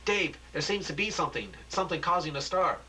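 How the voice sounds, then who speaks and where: An anxious female news anchor, as a man puts her on in a raised falsetto-ish pitch. She presses her reporter with urgent, pleading questions in a bright, tense tone. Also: expressive, fast talker, a little hiss or hum, low-quality recording. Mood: alarmed.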